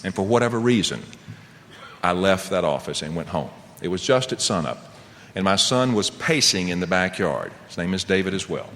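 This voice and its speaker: Middle-aged man, recovery-meeting speaker, lively swinging delivery, bright, forceful tone, rhetorical questions to the room. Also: low voice, normal speed. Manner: animated storyteller, asks the audience rhetorical questions. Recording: long reverb, faint background noise.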